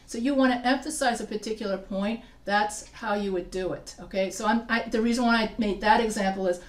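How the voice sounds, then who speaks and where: A woman instructor explains grammar in a chatty, looping way, often stopping to ask if her students follow. Her voice carries from a distance, and the room gives it a noticeable echo. The pitch sits at an ordinary middle height. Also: brisk, few pauses. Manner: chatty, repeats and restarts, checks in with students. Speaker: writing instructor. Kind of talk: live class lecture. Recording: echoey room, voice from far off.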